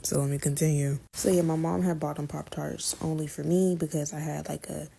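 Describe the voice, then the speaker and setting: A young woman casually continuing a family story in a relaxed, slangy way. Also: low voice, creaky, husky. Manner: relaxed, slangy, drawn-out retelling.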